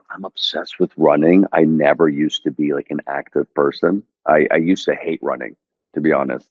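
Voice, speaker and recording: A man in his thirties, an actor and guest, talking casually and telling a story in a halting, hesitant way. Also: a bass voice, dull audio. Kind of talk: casual chat.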